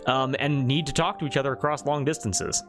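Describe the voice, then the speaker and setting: A man's voice: medium pitch, steady tone, a little fast, fairly bright tone, faint music behind. A man running a tabletop game as game master, narrating in a loose, rambling way with many fillers.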